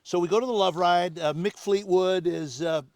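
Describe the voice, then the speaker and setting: Older male guest: gravelly, somewhat high voice, dry close sound, lively storyteller. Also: normal speed, no room sound. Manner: animated anecdotes, acting out other people's lines. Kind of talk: storytelling in casual conversation. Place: home on Maui.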